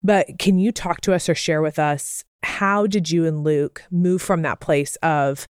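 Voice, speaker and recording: A woman's voice: deep voice, fairly even intonation, unhurried, clear, resonant tone, no room sound, clean studio sound. A woman co-hosting a podcast, asking thoughtful, searching questions in a rambling way. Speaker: podcast co-host. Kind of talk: interview questions.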